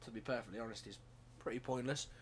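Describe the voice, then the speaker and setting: A man's voice: medium pitch, fairly even intonation, fast, slight background noise. A man hosting a casual gaming podcast, rambling and jokey with many hesitations. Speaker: podcast host.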